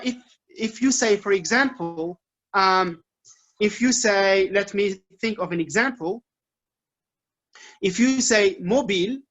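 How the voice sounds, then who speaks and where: A man with an Algerian accent giving an informal English lesson, explaining points in a lively way with frequent fillers. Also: high voice. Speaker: English teacher giving a talk. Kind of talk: informal lecture to students.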